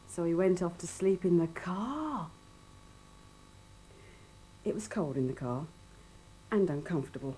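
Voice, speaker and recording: A woman's voice: on the low side, animated, unhurried, dark tone, slight background noise, rough recording. A woman reading a bedtime story to children, her voice swooping up and down in a sing-song way. She takes her time, lingering over each phrase with playful expression.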